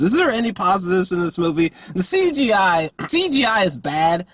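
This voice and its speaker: A man with a fairly high, husky voice rants through a casual movie review. He sounds exasperated and swears freely. He stumbles over his words with lots of fillers and restarts. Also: expressive, normal speed, hardly any pauses, fairly bright tone, no room sound. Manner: exasperated, profane, rambling with many fillers and restarts.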